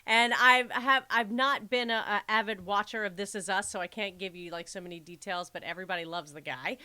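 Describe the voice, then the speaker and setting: A woman co-hosting a casual podcast, telling stories with emphatic, animated delivery. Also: medium pitch, fairly quick, clear, resonant tone. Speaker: podcast co-host. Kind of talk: casual chat.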